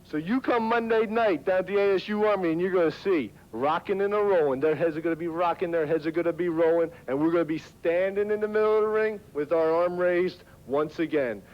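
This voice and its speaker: A man's voice: sits high, a little fast, hardly any pauses. A man hosting a wrestling talk segment, cutting a mocking heel promo. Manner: taunting, mocking. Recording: lo-fi 1990s TV audio.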